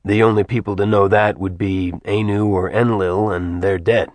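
A man playing a weary, gruff ex-god. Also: on the low side, steady tone, normal speed, a little mellow, dry recording, close to an everyday voice. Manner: dry, weary, blunt.

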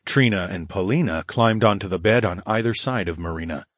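A man narrating a fantasy audiobook in the first person, with a steady, low growling delivery. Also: fairly quick, dry recording, clean studio sound.

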